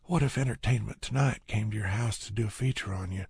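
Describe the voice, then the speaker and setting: A man's voice: fairly low pitch, quick pace, creaky, darkish tone, breathy edge, no room sound, pitched above the performer's own voice, heavily acted. A man voicing a wry, self-mocking young woman who teases with needling questions in an audiobook. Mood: teasing.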